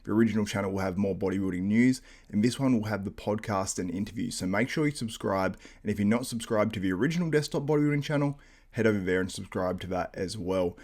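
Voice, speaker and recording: A man's voice: lowish voice, fast, a little mellow. A man hosting a bodybuilding podcast, chatting casually and wrapping up the show with upbeat promotional plugs. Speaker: podcast host. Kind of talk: casual chat and show outro.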